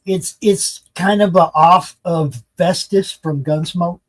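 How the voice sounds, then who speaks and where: A laid-back man swapping stories on a stream, his voice husky and raspy and pitched a bit high. He talks easily and unhurriedly. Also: steady tone, slow pace, low-quality recording. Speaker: voiceover artist and co-organizer. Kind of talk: casual chat.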